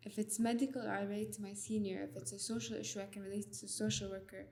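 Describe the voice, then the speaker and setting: Fast-talking woman. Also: medium pitch, a little hiss or hum. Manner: rapid, animated storytelling with Arabic code-switching. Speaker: doctor, guest. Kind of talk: casual interview chat.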